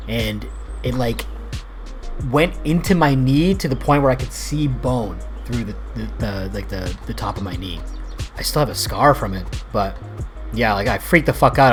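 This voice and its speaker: A man in his thirties telling rambling, profane childhood stories while playing a game, laughing as he goes. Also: medium pitch. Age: 30s. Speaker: gaming video host. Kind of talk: casual storytelling over gameplay.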